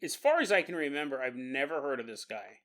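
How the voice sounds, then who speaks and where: A man hosting a podcast, telling a comic monologue with frequent laughs and quick acted-out voices. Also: mid-range voice, big pitch swings, fairly bright tone. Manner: jokey, laughs often, acts out little voices. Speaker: podcast host. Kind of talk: comedic monologue.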